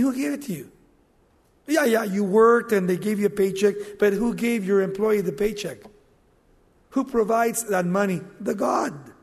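A man's voice: very high-pitched, big-room sound. A middle-aged man, a pastor, preaching a sermon, asking rhetorical questions and joking with the congregation.

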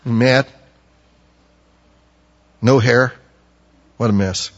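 A man delivers a sermon at a middle pitch and jumps to loud, pleading outbursts whenever he acts out the prophets. The recording is dull and muffled, and his voice rings through a church hall with a long echo. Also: fairly even intonation, very slow. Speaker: preacher.

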